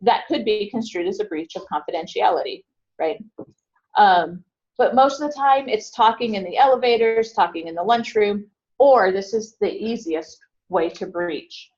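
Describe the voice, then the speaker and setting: A woman's voice: medium pitch, normal speed, a little mellow, highs cut off. A woman instructor giving a conversational classroom lecture and asking her students questions.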